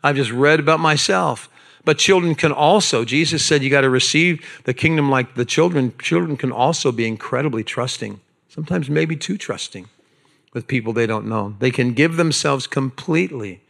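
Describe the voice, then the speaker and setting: A man preaching a sermon to a congregation in a church, animated and conversational, with asides to the people in the room. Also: medium pitch, moderate pace, vocal fry. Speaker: pastor. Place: church sanctuary.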